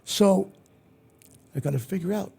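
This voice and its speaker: Older man, interview guest, animated storyteller, strong gravel, husky tone. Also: high-pitched, unhurried. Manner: lively, acts out other people's lines. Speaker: guest entertainer. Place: event venue interview set.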